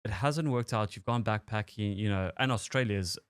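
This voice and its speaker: A man's voice: fairly low pitch, fairly quick, clean tone, dry recording. A man hosting a podcast interview, recapping the guest's story in a loose, conversational way with false starts. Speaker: podcast host. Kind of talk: casual interview chat.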